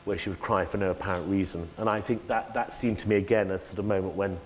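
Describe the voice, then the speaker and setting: A deep-voiced actor talks fast and animatedly about his stage work during a public conversation in a lecture hall before an audience. As an interview guest, he keeps interrupting himself to act out lines. The hall sounds echoey, with faint noise.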